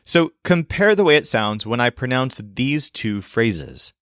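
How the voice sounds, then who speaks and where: A man teaching in a language lesson video, explaining clearly and modeling sounds slowly. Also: mid-range voice, big pitch swings, no echo, clean studio sound. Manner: clear, demonstrative, slows to model pronunciation.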